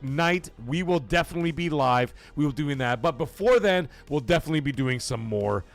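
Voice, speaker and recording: Brief: high, lively-voiced man streamer, breathless and profane, faint music and crowd under him. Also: fairly quick, gravelly. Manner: excitable, swears a lot, swings from loud to mumbling. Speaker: livestream host. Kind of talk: casual late-night stream chat.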